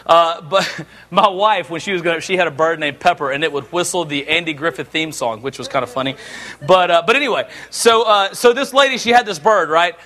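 A middle-aged man preaching a sermon, telling jokes and family stories with an animated delivery. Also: fairly high pitch, brisk. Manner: animated, joking storyteller. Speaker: pastor.

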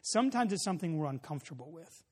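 A man's voice: on the high side, very animated, rapid-fire. Casual preaching man in a reverberant hall. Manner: casual storytelling with many fillers, rising to loud emphasis. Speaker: pastor. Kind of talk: sermon.

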